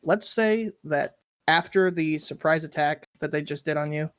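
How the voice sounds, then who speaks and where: Brief: easygoing game master, mid pitch, unhurried, stops and restarts often. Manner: relaxed, halting narration with frequent fillers. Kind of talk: running a tabletop game.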